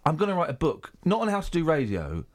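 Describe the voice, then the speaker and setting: A man's voice: on the high side, wildly swooping pitch, fast. A jokey male radio host from northern England who teases and interrupts his co-host. His voice swings up and down a lot as he riffs. The talk is loose banter. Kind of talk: casual banter.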